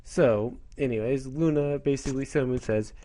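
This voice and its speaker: A man's voice: medium pitch, normal speed, warm tone. Rambling man reviewing a comic. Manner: rambling, self-correcting, offhand asides. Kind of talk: casual chat.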